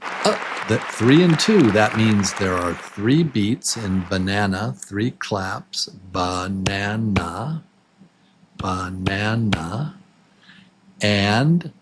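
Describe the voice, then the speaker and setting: A man teaching English to absolute beginners, patiently repeating words slowly and counting syllables with the listener. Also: fairly low pitch, animated, crowd noise, noisy background. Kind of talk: slow, clearly spoken beginner English lesson.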